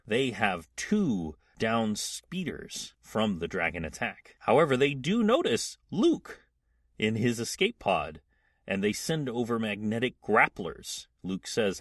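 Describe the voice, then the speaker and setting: A man hosting a podcast who retells a comic book story as an animated storyteller, acting out the quotes. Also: mid-range voice, a little slow, no room sound, studio quality. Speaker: podcast host.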